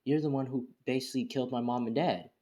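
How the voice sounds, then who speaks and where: A man's voice: mid-range voice, fairly even intonation, quick pace, mellow, close to an everyday voice. A man voicing a cheerful, carefree young male ninja in a casual retelling, in his own voice.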